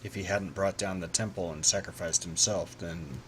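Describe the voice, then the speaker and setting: A man's voice: low-pitched, steady tone, moderate pace, a bit bright, a little hiss or hum, low-quality recording. A man playing a tabletop game, explaining events earnestly in character. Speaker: player.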